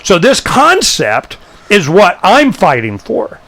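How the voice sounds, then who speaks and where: A man's voice: sits high, takes it slowly. A male talk show host telling stories in a blunt, emphatic rant. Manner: animated storyteller, blunt and emphatic.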